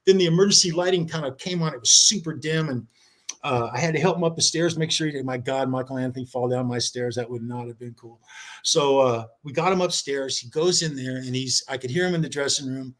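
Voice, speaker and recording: A man telling a long anecdote as a podcast guest, animated and acting out quoted dialogue, over a video call. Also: medium pitch, fairly quick. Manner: animated storyteller, acts out quoted voices. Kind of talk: casual storytelling chat.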